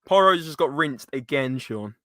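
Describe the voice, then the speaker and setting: A man's voice: on the high side, expressive, normal speed, pushed and bright, dry recording, clean studio sound. A man co-hosting a live match watchalong, chatty and arguing his points while reading out the chat. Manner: chatty, reasoning, reads out the chat. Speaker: watchalong co-host.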